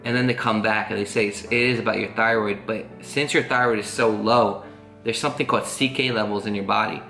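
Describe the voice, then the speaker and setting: A man's voice: fairly low pitch, fairly even intonation, fairly quick, pushed and bright. A man telling a long personal story to camera in a casual vlog, rambling and earnest, full of fillers. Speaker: family vlogger. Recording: roomy echo with faint guitar music.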